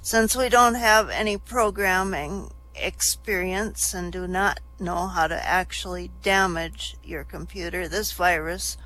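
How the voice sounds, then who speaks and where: Slow-reading woman sharing a joke. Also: lowish voice, pushed and bright, rough recording. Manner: slow, unhurried reading with small laughs. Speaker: comedian. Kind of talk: reading a joke at a comedy show.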